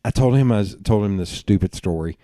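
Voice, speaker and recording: A man with a Southern US accent hosting a podcast, telling rambling, animated anecdotes in casual conversation. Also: on the low side, fairly quick, no echo, clean studio sound. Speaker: podcast host.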